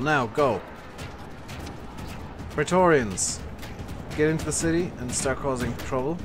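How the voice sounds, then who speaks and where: A game streamer livestreams a strategy game, commentating live while bossing his troops around and swearing at them. His voice is on the high side at normal speed, with long pauses and soft background music.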